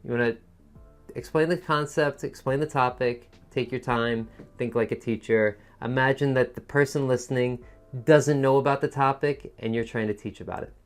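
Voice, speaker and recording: Soft-toned man with a musical teacher voice. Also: mid-range voice, fairly even intonation, normal speed, soft background music. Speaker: TOEFL teacher. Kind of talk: online lesson explaining a test.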